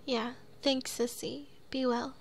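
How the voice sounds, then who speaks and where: A woman's voice: high voice, flat delivery, slow, creaky, faint music behind, heavily acted. A woman voicing a protective young man in a horror game, reading his firm, reassuring lines in her own voice. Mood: urgent. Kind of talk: reading game dialogue aloud.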